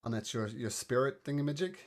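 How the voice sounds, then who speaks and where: Talking fast in a mid-range voice, this game master keeps his tabletop session chatty and upbeat. Good dice rolls set off bursts of excitement.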